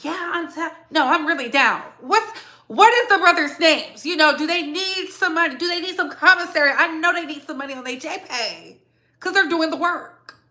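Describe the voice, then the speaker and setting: A woman with a Southern US accent hosting a casual commentary show, talking to her audience in an animated, opinionated, slangy way. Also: very high-pitched, normal speed. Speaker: show host.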